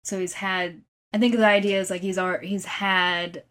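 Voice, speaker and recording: A woman co-hosts a podcast, chatting casually about a film, often agreeing, giggling and searching for words in a hesitant way. Her mid-range voice is fairly bright with little pitch movement, at a moderate pace.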